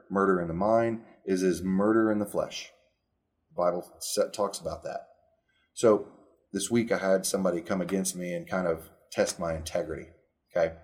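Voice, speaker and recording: Deep-voiced man preaching a sermon. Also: darkish tone, slightly rough. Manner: conversational, repeats "okay?" often; reads scripture aloud.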